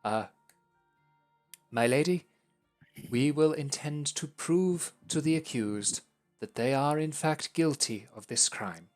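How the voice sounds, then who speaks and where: A man's voice: fairly high pitch, slow, pauses often, soft background music, voice pushed up. A man voicing a nervous, clueless rookie court defender who stammers and sounds flustered.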